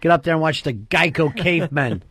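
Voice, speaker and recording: A man's voice: fairly high pitch, animated, fairly quick, a bit bright, breathy edge. A man hosting a radio show, teasing guests with provocative jokes in casual banter.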